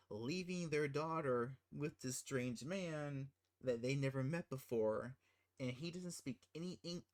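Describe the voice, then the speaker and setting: A channel host ranting casually about a film, incredulous and exasperated, rambling with restarts. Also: medium pitch.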